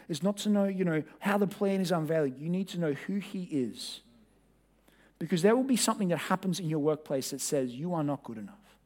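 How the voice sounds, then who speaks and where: A man with a high-pitched voice preaches a sermon from the pulpit. He talks conversationally and directly to his congregation, pressing hard on some points and dropping to a near hush on others. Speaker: pastor.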